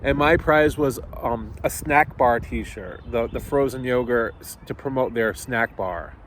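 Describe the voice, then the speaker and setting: A man's voice: mid-range voice, unhurried, slight background noise. A man vlogging a casual, rambling story, swearing often and getting heated as he talks.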